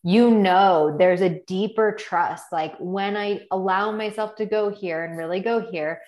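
A woman's voice: mid-range voice, unhurried, darkish tone. A woman hosting a conversational interview, enthusiastic and full of fillers. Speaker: podcast host. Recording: roomy echo.

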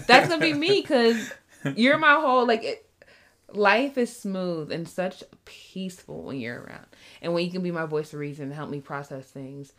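A woman's voice: fairly low pitch, moderate pace. A woman talking casually about her relationship with her partner, often acting out what he says. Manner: animated, acts out her partner's voice. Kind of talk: casual couples chat.

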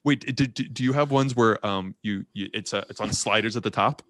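Animated young man, low dry voice. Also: a little fast, dry recording. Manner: animated, restarts, acts out quotes. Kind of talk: casual chat.

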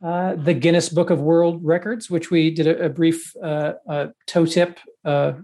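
A man's voice: on the high side, level tone, unhurried, dark tone. Dry-witted middle-aged man co-hosting. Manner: dry, sarcastic banter. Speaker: podcast co-host. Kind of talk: casual chat.

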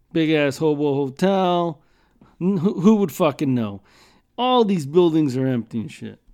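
A man's voice: a little high, a little mellow, clear, resonant tone. A man hosting a podcast, telling rambling jokey stories in a casual, profane way. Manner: profane, rambling, joking storyteller. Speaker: podcast host.

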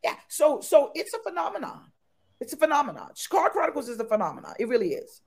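Woman guest, animated and exuberant, voice leaping all over, sits a bit high. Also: fast talker. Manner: exuberant, repeats phrases, bursts into high excited tones. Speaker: podcast guest. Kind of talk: animated interview chat.

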